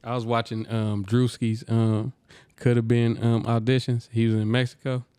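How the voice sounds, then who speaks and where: A man's voice: mid-range voice, level tone, moderate pace, mellow, smooth, no echo. A man hosting a podcast in casual chat, loose and slangy, laughing often. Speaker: podcast host.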